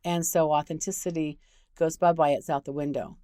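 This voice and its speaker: Woman host, lowish voice, candid conversational advice talk, dry close sound. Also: fairly even intonation, fairly quick, warm tone, no room sound. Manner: frank and conversational. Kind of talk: casual advice talk with storytelling.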